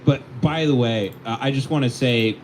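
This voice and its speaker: A man's voice: medium pitch, moderate pace, slight background noise. A man co-hosting a casual comedic chat, riffing jokes and laughing often. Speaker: podcast co-host.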